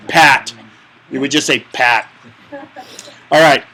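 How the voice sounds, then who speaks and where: Bright-voiced joking tech instructor, man. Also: medium pitch, drawn-out words, rough recording. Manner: joking, chatty explainer to a live class. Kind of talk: hands-on tech class instruction.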